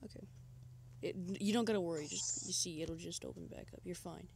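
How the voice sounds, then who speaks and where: Gravelly low-voiced woman coaching a gamer. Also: a little fast, a little mellow, slight background noise. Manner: reassuring, guiding, loose and chatty. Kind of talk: casual gameplay chat.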